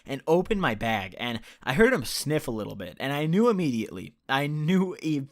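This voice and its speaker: A young man in his late teens talks through a personal story over gameplay, loose and profane, often stopping to restart or correct himself. His voice sits at an ordinary pitch for a man, and the sound is dry with no room echo around it. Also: sing-song, moderate pace. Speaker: channel host telling a personal story.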